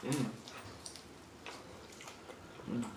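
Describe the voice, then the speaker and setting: Mukbang host woman, slow chatty talk between bites, a bit out of breath, echoey room, faint hiss behind. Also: darkish tone. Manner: chatty, addresses viewers as y'all, eats between lines. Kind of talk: casual eating show chat.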